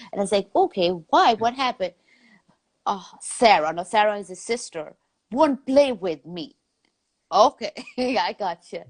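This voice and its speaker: Chatty woman podcast host who laughs easily. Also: mid-range voice. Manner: warm, chatty, laughs often, many restarts. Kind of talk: casual interview chat.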